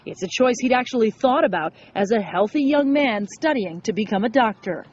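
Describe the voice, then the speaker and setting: Higher-pitched woman news reporter. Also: a little fast, muffled recording, slight background noise. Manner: steady, clear delivery.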